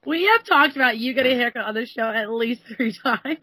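Female podcast co-host, husky, fairly high, teasing, dry sound. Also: expressive, pushed and bright, no room sound. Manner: teasing, quick interjections. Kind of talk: casual chat.

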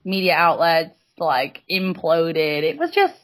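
A young woman co-hosting a podcast in casual chat, playful and teasing, firing off quick questions. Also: low voice, big pitch swings. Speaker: podcast co-host.

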